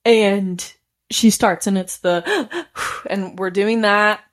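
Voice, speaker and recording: She speaks slowly in a steady, mid-range voice. This woman, a podcast host, chats casually through a personal story, using "like" heavily and laughing often.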